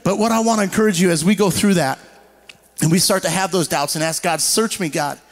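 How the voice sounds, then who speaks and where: Guy preaching a sermon, pretty high voice, animated, slows down for bible verses. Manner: animated preaching, voices quoted people in higher tones, slows down for scripture. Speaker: pastor.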